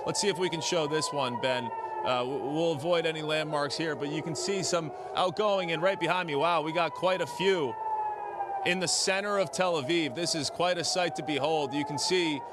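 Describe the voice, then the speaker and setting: A man reporting live outdoors in a city, steady and measured. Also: a little high. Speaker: field news reporter. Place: outdoors in a city during air defense fire. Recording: outdoor street noise and air defense.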